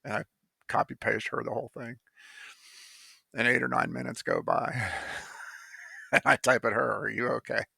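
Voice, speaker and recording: A man's voice: medium pitch, steady tone, normal speed, creaky, long pauses, bright, forceful tone, breathy edge, no room sound. A man telling how he came to write a poem, in a rambling casual monologue full of fillers and restarts, blunt and now and then swearing.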